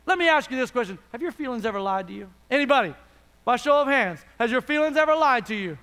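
High-voiced preacher in an echoing hall. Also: male voice, expressive, fast, clear, resonant tone. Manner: calls out to the congregation, rhetorical questions, swings from loud to hushed. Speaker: pastor. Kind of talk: sermon. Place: large church hall. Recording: reverberant hall.

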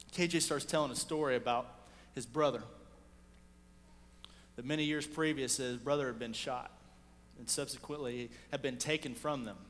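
A man preaching a sermon, telling a story with animated swings between loud and hushed delivery. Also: mid-range voice, long reverb tail. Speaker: pastor.

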